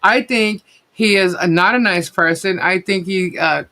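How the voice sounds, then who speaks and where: A woman's voice: lowish voice, unhurried, sharp tone. Blunt, rambling woman livestream host. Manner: blunt, rambling, swears freely. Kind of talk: casual livestream commentary.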